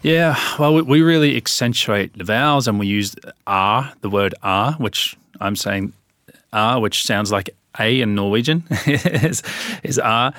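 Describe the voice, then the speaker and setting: An Australian man explaining things to an interviewer in a lively, demonstrative way, with drawn-out vowels. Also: mid-range voice, dry recording, clean studio sound. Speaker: interview guest. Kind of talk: conversational explanation.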